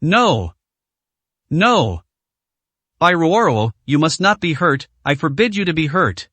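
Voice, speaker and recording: A man's voice: a little high, big pitch swings, takes it slowly, fairly bright tone, slightly rough, no echo, full character voice. A man voicing a grief-stricken young man in a story reading, crying out in anguished repeated denials. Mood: desperate anguish.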